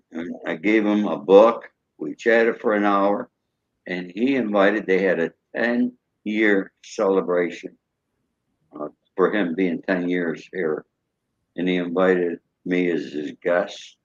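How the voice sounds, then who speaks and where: Older man, guest, folksy storyteller, chatty, muffled recording. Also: low voice. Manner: chatty, folksy, acts out greetings in a raised voice.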